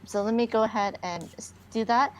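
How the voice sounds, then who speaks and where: A woman's voice: fairly high pitch, fairly quick, slight background noise. A woman hosting a livestream in a chatty, hesitant manner. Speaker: livestream host. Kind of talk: casual livestream chat.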